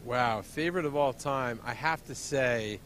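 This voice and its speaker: Brief: male pundit, mid-range voice, measured and informed, faint hall rumble. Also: fairly bright tone. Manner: knowledgeable, measured, hesitant fillers. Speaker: automotive editor guest. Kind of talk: expert interview answers. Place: busy convention hall booth.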